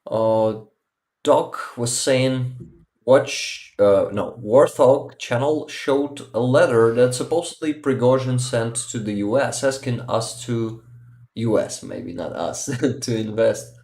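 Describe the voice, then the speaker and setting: Male stream host, mid-pitched, halting delivery, echoey room. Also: a little mellow. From Ukraine. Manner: halting, with many fillers and repeated words. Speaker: livestream host. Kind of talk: casual livestream chat. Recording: roomy echo.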